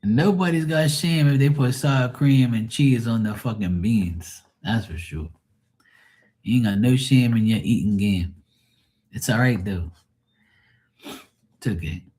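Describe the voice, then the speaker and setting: A man's voice: medium pitch, measured pace, long pauses, darkish tone. A man hosting a live stream, chatting casually with viewers in a rambling, profane way and laughing often.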